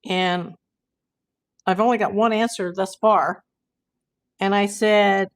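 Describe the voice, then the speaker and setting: A woman talking casually on her own live stream, chatty and relaxed. She reads her own posts aloud to viewers in a middle-pitched voice. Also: takes it slowly, pauses often. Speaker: YouTube live host.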